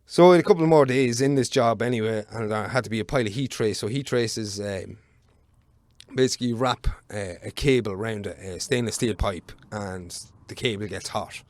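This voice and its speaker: Irish guy in his 30s rambling thru a work story, swears a lot, lowish voice, dry close sound. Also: brisk, a little mellow, dry recording. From Ireland. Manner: rambling, swears freely, many fillers. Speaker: podcast guest. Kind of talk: casual storytelling.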